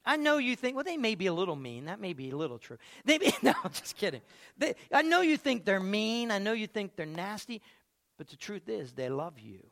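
A man preaching a lively sermon and calling out to listeners by name in a church. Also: high voice. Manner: animated, calls on listeners by name. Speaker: pastor.

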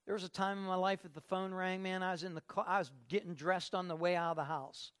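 An older man, a pastor, preaching a sermon in a folksy, conversational way, moving between soft asides and emphatic lifts. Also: high-pitched, fairly even intonation, fast, smooth.

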